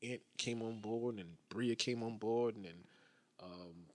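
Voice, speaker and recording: A man's voice: fairly low pitch, measured pace, no room sound. A man on a casual podcast who tells stories loosely, acts out quoted lines and keeps asking "you know what I mean". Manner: laid-back storyteller, acts out quotes, fillers. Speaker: music manager guest.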